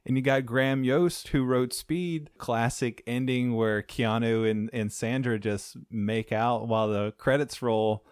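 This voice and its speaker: A man's voice: medium pitch, steady tone, unhurried, few pauses, clear, resonant tone, no echo, studio quality. A man co-hosting a movie podcast, chatting loosely and jokingly, often stammering and repeating words. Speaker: podcast co-host. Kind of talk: casual movie review chat.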